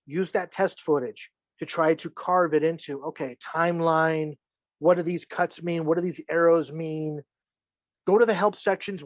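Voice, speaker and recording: A man's voice: fairly high pitch, no echo. A man giving a casual filmmaking lesson, chatty and joking, acting out the reactions he imagines. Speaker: filmmaking instructor. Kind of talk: casual teaching monologue.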